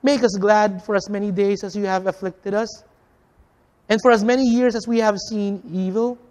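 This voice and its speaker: A preacher delivering a sermon with a repetitive, emphatic cadence, calling the listeners friends and swinging between loud stresses and soft, drawn-out phrases. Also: medium pitch, fairly even intonation, big-room sound.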